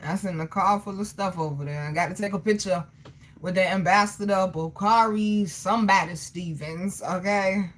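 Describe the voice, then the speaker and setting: A woman's voice: mid-range voice, normal speed. A woman hosting a casual livestream, teasing her chat and laughing often. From Portsmouth, Virginia, US. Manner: teasing, laughs often, frequent 'okay?' tags. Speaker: livestream host.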